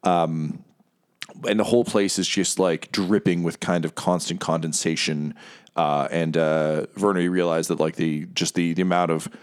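Man, game master, low voice, rambling, laid-back. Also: steady tone, moderate pace, clean tone. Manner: rambling, casual, full of fillers. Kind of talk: narrating a tabletop game.

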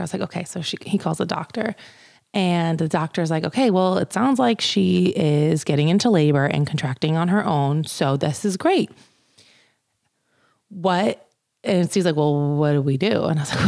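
A woman's voice: on the low side, gravelly, mellow. A young woman, pregnant, telling a casual storytime in a chatty way, full of "like" and acted-out quotes. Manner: chatty, many "like" fillers, acts out quotes. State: pregnant, in labor pains. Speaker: vlogger.

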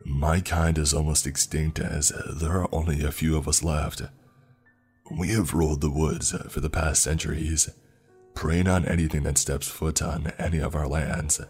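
A man voicing a huge, cruel, ancient man-eating forest creature in a storytelling narration, with a dark and gruff voice and a menacing, gloating manner. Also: extremely low pitch, little pitch movement, moderate pace, faint music behind, heavily acted. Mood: solemn.

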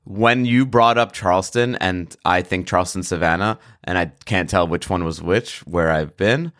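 A man's voice: deep voice, normal speed, fairly bright tone, no echo, clean studio sound. A male podcast host chatting casually, enthusiastic and explanatory about food.

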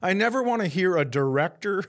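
A man co-hosting a podcast in a casual chat, firing off quick reactions and jokes. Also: high voice, lively intonation, a bit bright. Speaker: podcast co-host.

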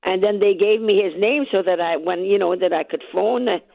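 Raspy lady phoning into the radio, tinny line, dry close sound, retelling everything she said and what he said back. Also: medium pitch, fairly quick, dry recording. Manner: excited storyteller, acts out both sides of each exchange. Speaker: caller, lottery winner. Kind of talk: phone-in radio interview. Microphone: telephone.

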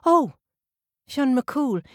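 A woman's voice: high-pitched, big pitch swings, extremely slow, no echo, studio quality, pitched above the performer's own voice, heavily acted. A woman voicing a curious little girl who never stops asking questions, eager and insistent.

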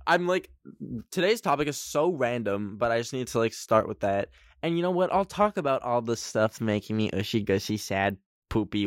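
A man's voice: fairly low pitch, no room sound, studio quality. A young man hosting a casual solo podcast, goofy and rambling with lots of fillers and laughs. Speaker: podcast host.

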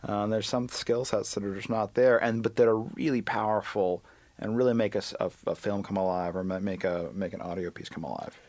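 A man's voice: on the low side, a little fast, darkish tone, dry recording. A man, a reporter and podcast guest, speaking casually with many fillers and restarts. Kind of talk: casual interview talk.

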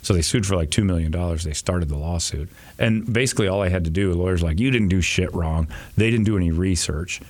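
Deep-voiced man telling rambling radio stories. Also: quick pace, hardly any pauses, a little mellow. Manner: rambling, profane, self-deprecating anecdotes. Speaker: radio host. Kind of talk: casual storytelling chat.

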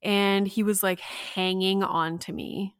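A woman's voice: mid-range voice, flat delivery, slow pace, clean tone, no room sound, clean studio sound. A woman hosting her podcast alone, telling a personal story in a chatty way. She says "like" often and acts out the voices of the people she quotes. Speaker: podcast host. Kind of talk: casual solo podcast storytelling. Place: home.

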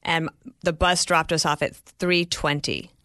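A woman's voice: sits low, flat delivery, unhurried, sharp tone, no room sound, clean studio sound. A woman hosting an interview podcast, chatting in a friendly way and telling stories and jokes. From rural area. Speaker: podcast host. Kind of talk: casual interview chat.

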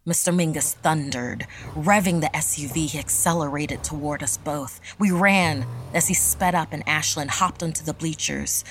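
A woman narrating a scripted horror story in a measured, dramatic way. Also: low voice, fairly bright tone, slight background noise.

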